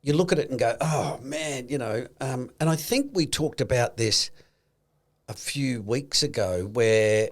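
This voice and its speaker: Animated Australian man, podcast host. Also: medium pitch, measured pace. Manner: animated, acts out quoted voices, swears freely. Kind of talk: casual investing chat.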